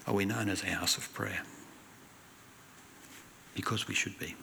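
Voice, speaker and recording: Man, pastor, earnest sermon delivery, low-pitched but bright, light hiss behind. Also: measured pace, gravelly. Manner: earnest, emphatic preaching with animated anecdotes. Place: church hall.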